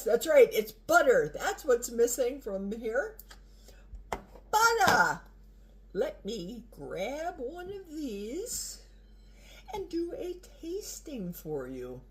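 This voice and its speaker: Older woman, food vlogger, high-ish voice with lively swoops, unhurried delivery. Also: a little hiss or hum. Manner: animated, chatty, talks with mouth full. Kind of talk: casual cooking vlog with tasting.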